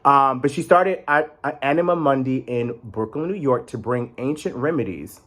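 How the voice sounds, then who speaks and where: A man's voice: mid-range voice, normal speed, fairly bright tone. A young man with a chatty, rambling manner and playful sassy asides, talking casually as a vlog host. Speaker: tarot deck reviewer.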